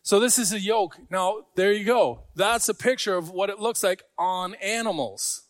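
A man's voice: sits high, normal speed, no echo, clean studio sound. A man preaching a sermon to a congregation, talking in a conversational way with joking asides. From Scarborough. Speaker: pastor.

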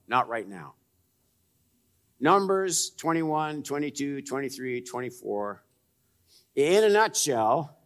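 Male pastor, sermon, dramatic swings from raised to hushed, probing questions to the congregation. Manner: dramatic swings between raised emphasis and hushed, low asides.

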